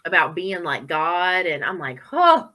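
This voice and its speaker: A woman's voice: lowish voice, expressive, normal speed, pushed and bright. A woman co-hosting a horror podcast, chatting casually about movies with many fillers and frequent laughs. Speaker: podcast co-host. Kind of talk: casual chat.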